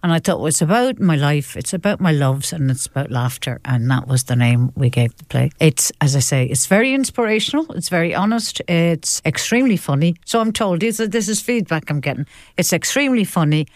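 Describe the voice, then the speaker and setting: Lively older woman telling stories. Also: low voice, brisk, hardly any pauses, dry recording, studio quality. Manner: lively, animated storyteller with frequent laughs and repetitions. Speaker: actress and guest. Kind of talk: chatty interview storytelling.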